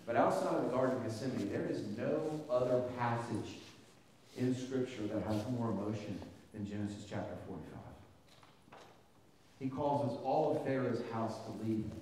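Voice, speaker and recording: A man preaching a sermon with passion, his voice rising to loud peaks as he reads scripture. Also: medium pitch, moderate pace, slight background noise. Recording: echoey hall, from a distance.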